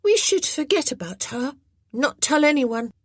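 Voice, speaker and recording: A woman's voice: sits high, big pitch swings, unhurried, dry recording, studio quality, pitched above the performer's own voice. A woman narrator voicing a small, curious, scheming little boy who asks short, innocent-sounding questions. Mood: sly.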